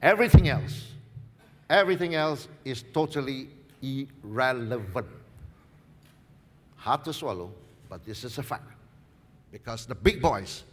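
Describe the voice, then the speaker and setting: A man gives a seminar talk, stressing his points by repeating key phrases. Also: medium pitch. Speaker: seminar speaker. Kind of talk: market presentation with anecdotes. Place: seminar hall. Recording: long reverb in a seminar hall.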